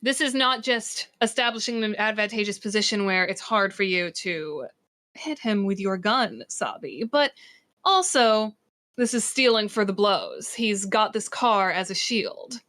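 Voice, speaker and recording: Woman game master narrating the game, lively, laughs a lot. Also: medium pitch, unhurried.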